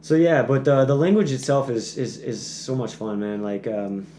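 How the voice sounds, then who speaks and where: A man's voice: medium pitch, fairly even intonation, moderate pace, warm tone. A man on a podcast, a guest back from Peace Corps service, explaining at length in casual chat with many fillers and restarts. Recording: echoey room with faint noise.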